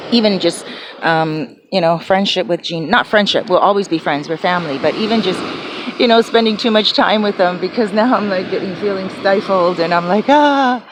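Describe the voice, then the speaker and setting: A woman's voice: mid-range voice, noisy background. A woman vlogging from her small apartment, telling a rambling story full of fillers and restarts. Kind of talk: casual chatty storytelling.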